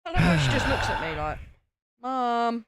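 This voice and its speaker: A woman's voice: medium pitch, wildly swooping pitch, rapid-fire, vocal fry, noisy background. A mother casually chatting and teasing while building a toy set on a live stream. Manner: teasing, laid-back. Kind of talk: casual chat.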